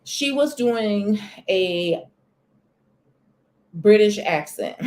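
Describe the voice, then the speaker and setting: A woman's voice: medium pitch, drawn-out words. Chatty woman hosting a live stream. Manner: chatty, expressive, greets chat viewers by name. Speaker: livestream host. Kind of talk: casual live-stream gossip chat. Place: corner of a room at home near a sunny window.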